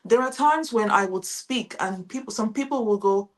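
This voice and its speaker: A middle-aged woman, an international teacher, giving calm, reflective advice as a guest in a podcast interview. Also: on the high side, moderate pace. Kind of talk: casual interview chat.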